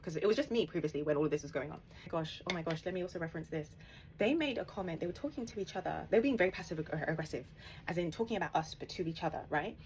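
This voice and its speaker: Fast-talking woman telling a story. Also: on the low side, a little hiss or hum. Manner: animated, laughing, emphatic retelling. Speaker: vlogger. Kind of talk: personal storytime.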